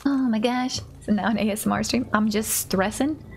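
A woman's voice: a little high, moderate pace, a little hiss or hum. A woman streamer giving casual commentary on her game and chatting with viewers. She often drops into a whisper while sneaking. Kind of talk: casual let's-play commentary.

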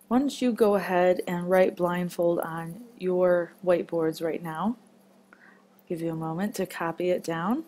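Slow, patient woman teaching phonics. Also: fairly low pitch, warm tone. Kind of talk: phonics lesson for children.

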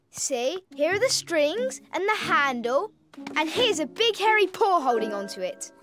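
A timid, hungry young cartoon rabbit, very high and lively, speaking slowly and hesitantly. Faint music runs beneath. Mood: nervous. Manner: nervous, hesitant.

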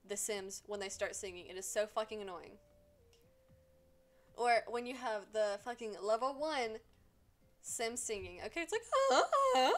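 Excitable swearing woman streamer. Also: on the high side. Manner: excitable, swears a lot, scolds game characters. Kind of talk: casual live gameplay commentary.

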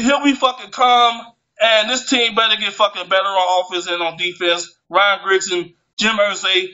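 A man with a very high, piercing voice vents in a furious, curse-filled fan rant, tripping over his words as he gets worked up. The sound is dull and lo-fi. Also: sharp tone. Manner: heated, swearing, stumbles over words when worked up. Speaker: sports fan vlogger. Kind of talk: angry profane rant to camera. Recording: muffled lo-fi recording.

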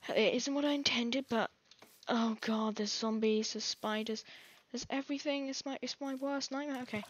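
A woman's voice: fairly high pitch, background noise. An English woman giving rambling, jittery live commentary over her own gameplay, full of panicked exclamations. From England. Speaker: gaming channel host.

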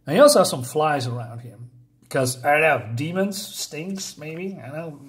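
A man's voice: a little high, expressive, moderate pace. A man giving a casual, rambling review of a comic book, drifting into asides with frequent fillers.

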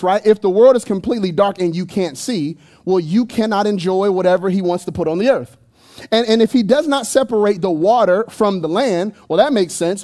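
A pastor preaching in a church, his voice sitting high for a man. The tone is mellow and warm, never sharp. He keeps it casual and joking, throwing asides at the crowd into a handheld mic. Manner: conversational and playful, with asides and jokes to the congregation. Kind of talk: sermon. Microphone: handheld microphone.

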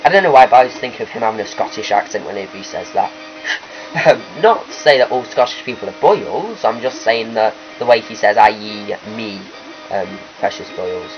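A man hosts a let's play, giving rambling, chatty gameplay commentary that keeps correcting itself. His voice is fairly low with lively intonation at normal speed, caught in a lo-fi recording with faint game music.

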